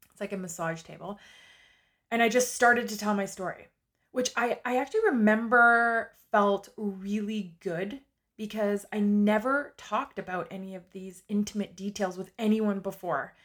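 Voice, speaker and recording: A woman's voice: medium pitch, moderate pace, a bit bright. A woman in her forties telling her own story in a candid, confessional monologue with casual fillers.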